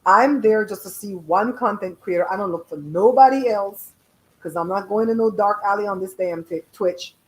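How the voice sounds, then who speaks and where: A woman's voice: mid-range voice, moderate pace, poor audio. Belizean woman, middle-aged, blunt and chatty host reading out her live chat. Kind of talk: casual live-stream chat.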